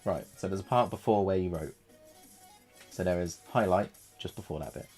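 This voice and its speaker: Low-voiced male streamer, playful casual chatter over soft background music. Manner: chatty and playful, quick to laugh. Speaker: livestreamer painting miniatures. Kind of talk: casual live-stream chat.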